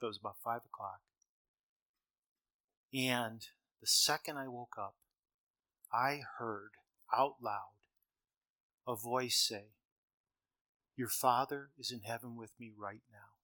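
A middle-aged male preacher with a bright, forward tone delivers a sermon to a large gathering. He tells his stories with strong swings in loudness, pushing some lines out and dropping others almost to a murmur. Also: mid-range voice. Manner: storytelling with shifts between loud emphasis and quiet.

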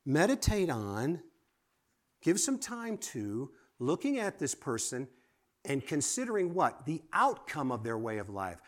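Lively male preacher, swinging loud and soft. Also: mid-range voice. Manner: lively, rising to exclamations and dropping to quiet asides; asks the audience direct questions. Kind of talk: sermon.

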